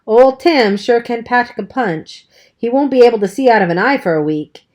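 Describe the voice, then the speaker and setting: A woman's voice: on the high side, normal speed, a little mellow, pitched above the performer's own voice, natural voice. Cocky teen hoodlum, brash and offhand, voiced by a woman narrator. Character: tough cocky teenage boy hood, gruff.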